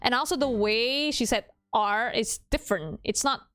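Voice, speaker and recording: In this casual live gaming session, a female streamer plays a visual novel, cursing freely, laughing often and getting nerdy about languages. She speaks at a normal speed in a somewhat high, slightly bright voice.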